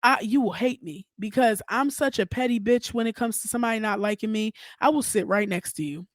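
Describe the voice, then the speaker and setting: A woman hosting her own podcast, ranting in a casual, profane, animated way straight to her listeners. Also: a little high, a little fast, dry recording, studio quality. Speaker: podcast host. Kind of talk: casual solo podcast rant.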